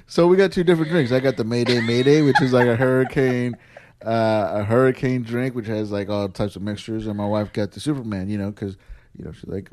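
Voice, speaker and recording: A man's voice: mid-range voice, steady tone, brisk, noisy background. A man hosting a casual home podcast, telling a story with lots of laughter and playful voices. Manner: laughing storyteller, mimics his wife. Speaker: podcast host. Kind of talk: casual chat.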